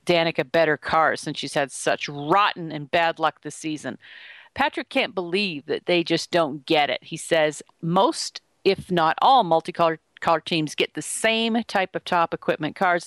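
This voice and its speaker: A woman's voice: sits low, fairly bright tone, no room sound. A woman co-hosting a motorsport talk podcast, sharing opinions in an easygoing, chatty way. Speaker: podcast co-host. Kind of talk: casual sports talk.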